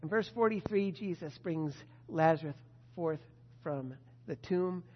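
A preacher retells scripture as a story in his sermon, asking rhetorical questions of the listeners and addressing a disciple directly. His medium-pitched voice moves at a measured pace in a large hall, and the recording is muffled.

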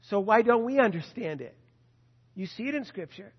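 A high-pitched man preaching Bible teaching with emphatic stresses that swell to loud peaks. His voice carries a long reverb, as if in a large hall. The recording sounds dull and muffled. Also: lively intonation, moderate pace, breathy edge. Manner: emphatic, rising to loud stresses on key phrases. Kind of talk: sermon-style Bible teaching.

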